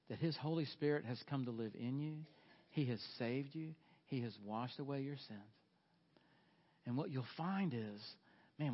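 A man's voice: medium pitch, dull audio. A middle-aged man preaching a sermon, earnest and folksy, pressing his listeners with questions. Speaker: pastor.

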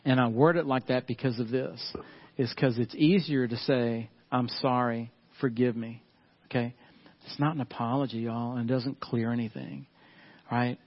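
In a slightly muffled church recording, a middle-aged male pastor tells stories in a relaxed, conversational sermon. His medium-pitched voice stays steady at a moderate pace, and he frequently chuckles and says "y'all" to the congregation.

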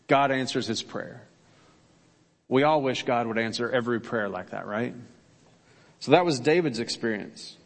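A man's voice: mid-range voice, gravelly, big-room sound. A male pastor preaching a sermon, earnest and emphatic, asking his listeners rhetorical questions.

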